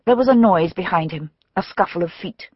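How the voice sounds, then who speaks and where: A woman narrating a mystery novel for an audiobook with measured storytelling. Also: lowish voice, husky, no room sound, highs cut off.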